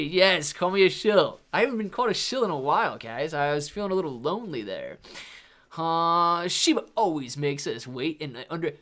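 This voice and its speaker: A man with a somewhat high voice hosts a live stream and chats casually with viewers. He rambles in a laid-back way and calls people "dude" and "man" while he answers the chat. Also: a bit bright. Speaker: livestream host reading viewer chat.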